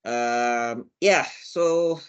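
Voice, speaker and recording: A man's voice: medium pitch, very slow, smooth, dull audio. Rambling man reviewing films. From South Africa. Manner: opinionated and rambling, with frequent restarts. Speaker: film review panelist. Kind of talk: casual panel chat.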